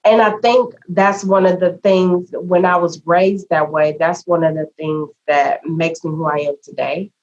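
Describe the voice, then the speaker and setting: A woman's voice: lowish voice, steady tone, measured pace, few pauses, a little mellow. A woman co-hosting a podcast, talking reflectively in a folksy, preachy way about how she was raised. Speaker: podcast co-host. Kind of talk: casual chat. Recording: dull lo-fi sound.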